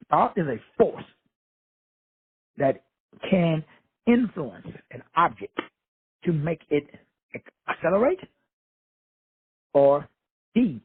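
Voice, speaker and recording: A man's voice: fairly high pitch, no echo. A blunt, profane man, from Texas, giving a casual motivational lecture. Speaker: self-help lecturer. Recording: dry tinny phone-like audio, husky voice.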